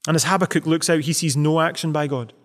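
A man's voice: fairly high pitch, fairly even intonation, fast, long reverb tail. A man preaching a sermon as pastor, earnest and full of rhetorical questions.

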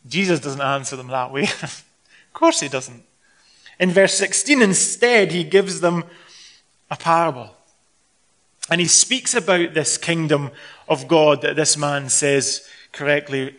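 A Scottish preacher with a fairly high voice delivering a sermon. He talks to the congregation conversationally and acts out scenes with lively expression. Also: measured pace. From Scotland.

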